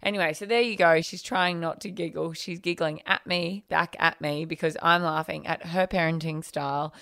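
A woman's voice: sits low, fairly even intonation, normal speed, vocal fry, fairly bright tone, dry recording, studio quality. A woman co-hosting a casual chat show, telling stories animatedly and acting out the quotes with giggles. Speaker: podcast co-host.

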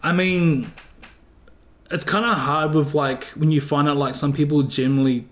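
A man's voice: fairly high pitch, steady tone, moderate pace. A young man with a New Zealand accent from West Auckland, chatting as a podcast guest in a laid-back, rambling way with lots of "like". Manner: laid-back, rambling, heavy use of filler "like". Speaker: guest streamer. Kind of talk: casual podcast chat.

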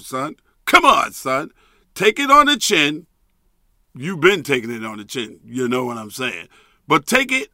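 Man for a solo podcast rant: lively, swooping delivery, profane and emphatic, dry close sound. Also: a little high, no echo. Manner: repeats a catchphrase. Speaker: podcast host.

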